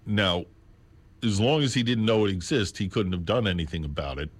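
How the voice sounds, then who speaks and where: A man hosting a radio show from a studio, talking in an unscripted way and slowly spelling out catalog numbers. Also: lowish voice, lively intonation, breathy edge. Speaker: radio host. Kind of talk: unscripted radio talk about records. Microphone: studio mic on a stand.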